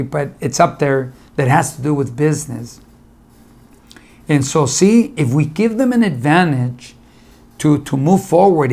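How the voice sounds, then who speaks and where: A man's voice: a little high, gravelly, a little mellow. A middle-aged man giving a motivational talk, telling stories, acting out conversations and repeating his advice for emphasis. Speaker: motivational speaker.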